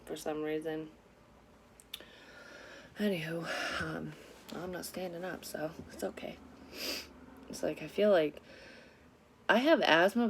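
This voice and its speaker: Woman in her thirties with a deep voice, rambling through a candid, profane story-time vlog. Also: vocal fry, a little mellow. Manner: candid, rambling, swears freely. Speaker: psychic medium vlogger. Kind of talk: casual story-time monologue.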